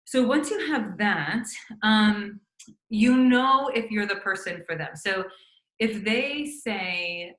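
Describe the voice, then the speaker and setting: A middle-aged woman with a bright, clear tone gives loose, chatty coaching to fellow doctors. She talks casually, stumbling through fillers and restarts, and slips into sample lines the way she would say them on a call. The room around her rings noticeably. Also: mid-range voice, animated, slow, echoey room, poor audio. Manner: conversational, many fillers and restarts, acts out sample phone lines. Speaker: physician coaching doctors on practice building. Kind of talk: casual instructional talk.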